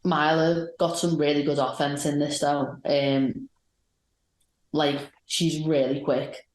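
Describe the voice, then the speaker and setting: Woman, low voice, enthusiastic rambling podcast chat, echoey room. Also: little pitch movement, slow pace, darkish tone. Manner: rambling, enthusiastic match recaps. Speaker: podcast co-host. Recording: roomy echoey sound.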